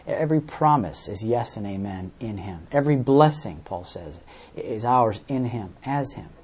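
A man's voice: on the low side, lively intonation, normal speed, a little mellow, husky. A man preaching a sermon, explaining verses with everyday examples and often repeating words as he searches for the next phrase.

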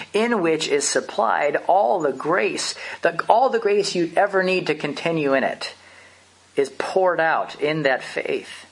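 This is a preacher in full flow, delivering an impassioned sermon with emphatic rhetorical questions. The voice sits at a middle pitch and has a husky, breathy edge. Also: a bit bright.

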